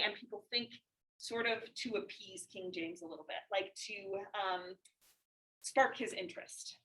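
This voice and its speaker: A woman's voice: medium pitch, fairly bright tone. A young woman teacher giving a casual, chatty class lecture, full of fillers and easy laughs. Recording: echoey classroom, far from mic.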